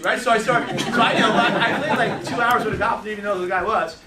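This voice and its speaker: Over a loud crowd, a middle-aged man with a high-pitched voice gives a sales training talk to a group. He tells his stories in a rush with many restarts. The mic is placed at a distance in an echoey room.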